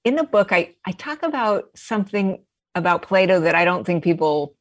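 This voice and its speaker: Measured woman author guest. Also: lowish voice, big pitch swings. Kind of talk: explaining ideas in an interview.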